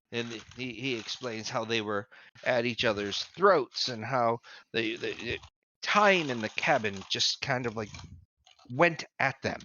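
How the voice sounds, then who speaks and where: A man's voice: medium pitch, expressive, a little slow, sharp tone, dull audio. A man narrating as game master of a tabletop game, improvising descriptions with lots of fillers.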